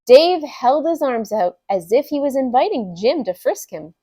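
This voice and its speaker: Woman reading a story aloud, slow and animated, kinda high, dry sound. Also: no echo. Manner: expressive, unhurried storytelling.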